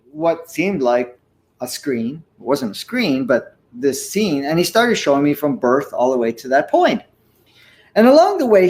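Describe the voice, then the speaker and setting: A man in his sixties, an interview guest telling a personal story in an earnest, animated way with the odd chuckle. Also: sits high. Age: 60s. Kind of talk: conversational storytelling.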